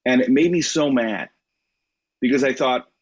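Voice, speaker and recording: A man speaking as a guest in a podcast interview, telling anecdotes in a relaxed, conversational way. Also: mid-range voice, moderate pace. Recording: dry, slightly muffled recording.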